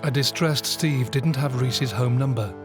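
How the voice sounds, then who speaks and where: A man narrating a crime documentary in a measured, grave tone. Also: mid-range voice, music in the background.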